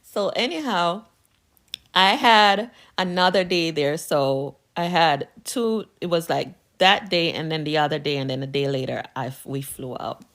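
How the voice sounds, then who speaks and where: A woman's voice: low voice, a bit bright. Sassy woman storyteller. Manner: sassy, emphatic, drawn-out retorts. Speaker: vlogger telling a personal story. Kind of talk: casual storytelling to camera.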